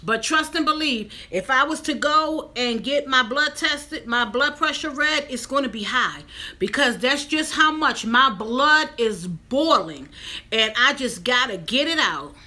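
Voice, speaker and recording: Bright, high-voiced woman vlogger, slow talk. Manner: animated, talks straight to viewers, emphatic. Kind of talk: casual mukbang chat to viewers.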